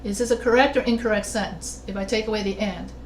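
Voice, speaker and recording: A woman's voice: medium pitch, steady tone, fast. A female writing instructor giving an online class lecture. She explains step by step and quizzes her students with questions. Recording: roomy echo with faint noise.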